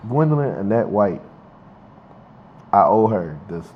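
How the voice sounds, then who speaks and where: A man's voice: on the low side, very animated, unhurried. A young man talking in a casual interview, heartfelt and emphatic, often repeating his words. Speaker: interviewee, university student. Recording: dull lo-fi recording with faint noise.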